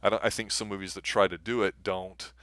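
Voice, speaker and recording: A man hosts a live movie review stream in relaxed, easygoing talk. His voice sits low but sounds bright. The recording is dry and close. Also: a little fast, no echo. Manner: easygoing, laughs along. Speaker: movie review show host. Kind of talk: casual live-stream chat.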